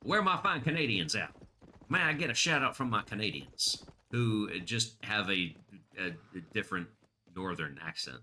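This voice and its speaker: A man's voice: lowish voice, expressive, normal speed, pushed and bright. A man streaming a video game, chatting casually and joking in rambling asides into his desk microphone. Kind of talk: casual live-stream commentary.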